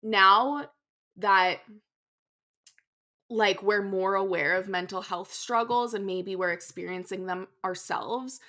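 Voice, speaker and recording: A young woman in a casual podcast conversation gives her thoughts in a reflective way and often murmurs agreement. Her voice is bright and forward, with a middle pitch. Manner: frequent "mm-hmm" agreement, reflective commentary. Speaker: podcast co-host. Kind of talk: casual chat.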